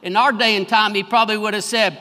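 A man preaching a fervent sermon as pastor, swelling louder on his key phrases. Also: high voice, fairly even intonation, fast. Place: church sanctuary. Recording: long reverb of a large hall.

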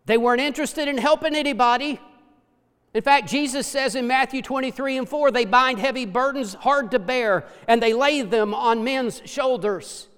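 A man preaching a sermon with passion, dropping to hushed low tones for emphasis. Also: moderate pace, clean tone. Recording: long hall reverb.

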